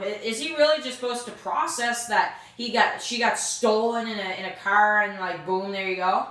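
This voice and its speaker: A woman chats her way through an episode recap, loose and rambling, leaning hard on "you know" and "um" fillers. Her voice sits on the low side but comes across bright and pushed. The recording is heavily echoey, like a bare, hard-walled room. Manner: acts out characters' lines in quick asides. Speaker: TV episode reviewer. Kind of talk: casual spoken recap and review.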